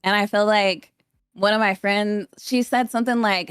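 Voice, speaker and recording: A woman's voice: medium pitch, fairly even intonation, moderate pace, a bit bright, smooth, no room sound, studio quality. A woman in her thirties, a podcast guest rambling through stories in casual chat. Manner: chatty, rambling storyteller.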